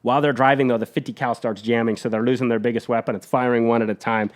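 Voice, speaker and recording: A man on a podcast retelling a war story in an energetic, blunt, profane way. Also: medium pitch, fast.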